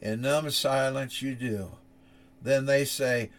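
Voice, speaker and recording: A man preaching, telling a dramatic story that swings from loud urgency to hushed softness and acts out the voices in it. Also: medium pitch, flat delivery, unhurried. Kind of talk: sermon illustration, dramatic storytelling.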